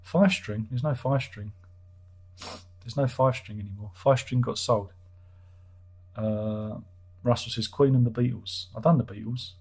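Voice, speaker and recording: A man's voice: medium pitch, unhurried, long pauses, a little mellow, husky. A man hosting a casual livestream, reading out chat comments in a rambling, self-interrupting, wry way.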